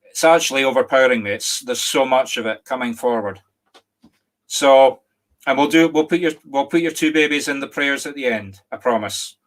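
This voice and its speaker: A middle-aged Scottish man, a medium giving a live reading online, speaking gently and apologetically with many restarts and a catch of emotion. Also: mid-range voice, moderate pace. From Scotland. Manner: emotional, near tears at times. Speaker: psychic medium.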